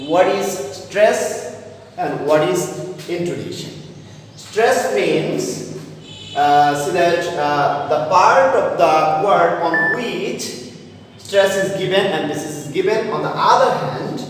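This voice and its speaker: A man teaching a class on stress and intonation, hesitant, with many fillers and repeated words. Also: sits high. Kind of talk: explaining to young students. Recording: echoey room, voice far from the mic, faint noise.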